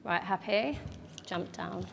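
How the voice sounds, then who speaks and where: A woman's voice: mid-range voice, slow pace, creaky. A woman hairdresser demonstrating a cut live, explaining each step as she works, in a large event hall. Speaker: hairdresser educator. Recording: echoey hall with faint background noise.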